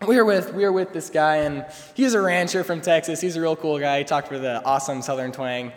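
A man's voice: on the high side, a little fast. A young male student telling a personal story at a chapel service, casual and rambling with lots of fillers and restarts. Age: young adult. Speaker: student speaker. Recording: long reverb from a chapel hall.

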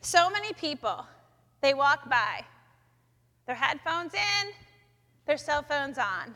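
A woman speaking in a chapel, sharing a personal faith story with lively storytelling in which she acts out her own thoughts. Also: sits high, slow pace. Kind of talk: personal testimony talk. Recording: long echoey hall reverb.

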